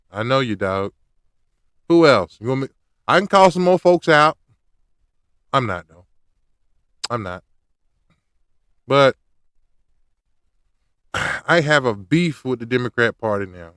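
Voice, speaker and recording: A man's voice: medium pitch, a bit bright, smooth, dry recording, clean studio sound. A man hosting his own podcast, ranting in a loose, slangy way straight at his listeners. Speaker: podcast host. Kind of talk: casual rant to camera.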